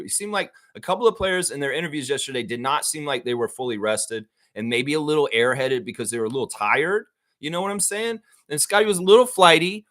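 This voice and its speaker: Heated Southern man ranting, bright voice. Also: a little high. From American South. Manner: heated, profane, animated ranting. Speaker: show host. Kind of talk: casual live-stream commentary.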